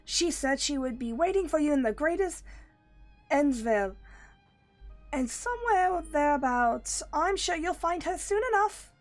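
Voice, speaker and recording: A woman voicing a small, fussy rabbit creature from a game, in a high-pitched, overly polite voice. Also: animated, a little slow, faint music behind. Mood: relieved. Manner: prim, overly polite phrasing.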